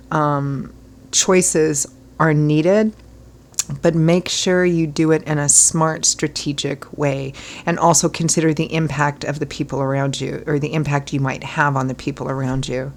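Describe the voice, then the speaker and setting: A hoarse woman from Ireland giving a chatty tarot reading, rambling with fillers and clearing her throat often. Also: sits low. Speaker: tarot reader. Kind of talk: casual tarot reading talk.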